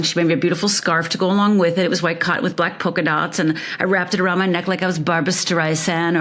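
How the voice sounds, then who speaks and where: A woman's voice: lowish voice, a bit bright. A woman from Upper Michigan telling her life story as an interview guest, vivid and emphatic, repeating phrases for effect.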